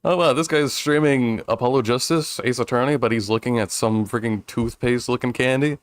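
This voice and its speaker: A man's voice: medium pitch, a little fast, no echo, clean studio sound. A male streamer chatting casually during a game, rambling with restarts and frequent chuckles. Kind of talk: casual let's-play chat.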